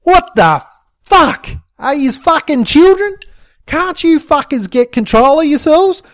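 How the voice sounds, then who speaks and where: A man voicing a loud, bossy, scheming older male crook who shouts and swears. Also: very high voice, sing-song, moderate pace, no echo, clean studio sound, voice pushed up. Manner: shouting, foul-mouthed, demanding.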